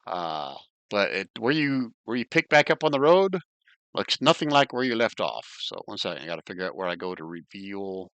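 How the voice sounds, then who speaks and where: Male game master, chatty and jokey, bright forceful voice, dry close sound, lowish pitch. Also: very animated, moderate pace, smooth, no room sound. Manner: chatty, jokey, thinking aloud. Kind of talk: running a tabletop game online.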